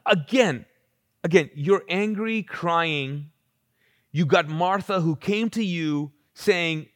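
A man preaching a live church sermon in an animated, conversational way, acting out quotes and restarting often. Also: high voice, measured pace, dry recording, clean studio sound. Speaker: pastor.

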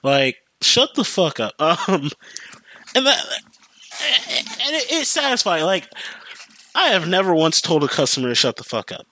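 Profane, animated young man ranting. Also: high-pitched, unhurried, long pauses. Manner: profane, animated storytelling with mimicked voices. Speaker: podcast host. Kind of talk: casual solo podcast rant.

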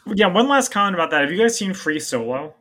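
A man chatting as a guest on a movie podcast, making measured comments in short turns. His voice sits a little high and sounds bright and forward. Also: sing-song. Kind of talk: casual movie chat.

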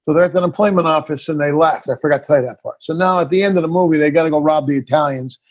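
Middle-aged male filmmaker guest, husky tone, lively storyteller who acts out scenes. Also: on the high side, very fast. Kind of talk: casual interview chat.

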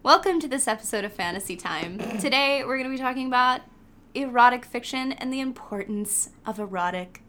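Bright-voiced young woman podcast host. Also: a little high, animated, brisk. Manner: upbeat, chatty, casual swearing. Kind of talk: casual podcast chat.

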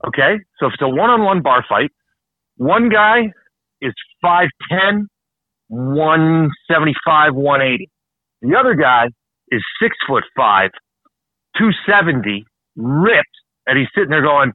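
A man from Canada hosting a heated political talk show, ranting fast and swearing often. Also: fairly high pitch, sing-song, no room sound. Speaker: show host. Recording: dry, phone-like narrow sound.

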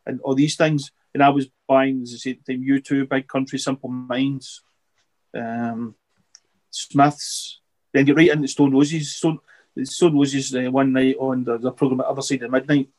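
A middle-aged man, a podcast guest, chatting casually and rambling with halting restarts and repeated words. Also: medium pitch, little pitch movement, a little mellow. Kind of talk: casual interview chat.

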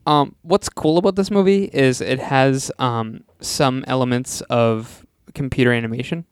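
A man co-hosting a casual podcast about movies, talking in a laid-back, halting way with frequent ums and laughs. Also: medium pitch, clean tone, no room sound, studio quality. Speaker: podcast co-host.

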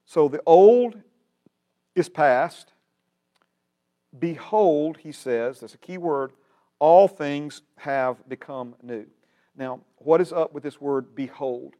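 A man with a Southern American accent teaches a Bible class over a computer stream. His voice sits a little high for a man, and his delivery is folksy and casual. He slows down to repeat his key phrases for emphasis. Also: dark tone. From Alabama, United States.

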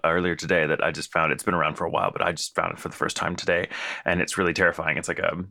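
A man's voice: sits low, rapid-fire, gravelly, no echo, clean studio sound. A man co-hosting a casual podcast, reading listener ghost stories aloud with frequent laughs and stumbles. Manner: animated, laughs often, stumbles while reading.

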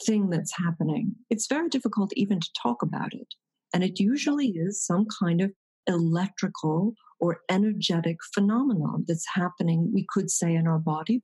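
Husky-voiced woman, thoughtful teacher. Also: fairly low pitch, mellow, low-quality recording. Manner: thoughtful, searching, many restarts. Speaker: meditation teacher. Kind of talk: reflective conversation.

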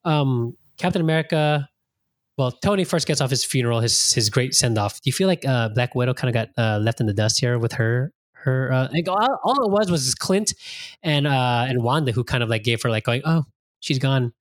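A man at a middle pitch hosting a casual podcast, loose and animated, peppering his talk with swearing and playing out his own reactions. The sound is dry and close, with no room around it. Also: a little fast, no room sound. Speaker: podcast host. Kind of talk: casual chat.

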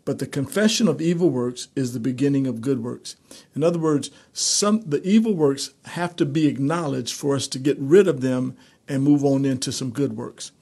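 A male pastor teaching a streamed Bible study in a conversational preaching manner, building to animated emphasis. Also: mid-range voice.

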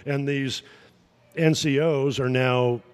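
A man's voice: medium pitch, fairly even intonation, clean tone. Rambling storytelling man, guest. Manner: rambling, halting with fillers, chuckles through punchlines. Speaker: podcast guest. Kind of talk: casual anecdotal storytelling.

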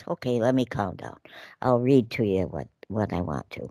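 A woman co-hosting a casual talk show, reading news aloud with animated outbursts and asides. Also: rumbling low, moderate pace, no echo. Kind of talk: casual political chat.

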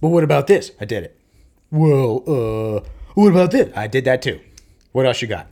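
Animated man telling parenting stories. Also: mid-range voice, moderate pace. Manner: animated storyteller, acts out talks with his kids. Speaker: podcast co-host, parent. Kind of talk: casual chat.

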